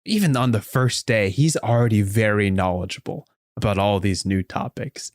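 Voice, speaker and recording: A man hosting a podcast, improvising a story aloud in an animated way with frequent restarts. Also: on the low side, moderate pace, no echo, clean studio sound. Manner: animated, with many restarts and fillers. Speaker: podcast host.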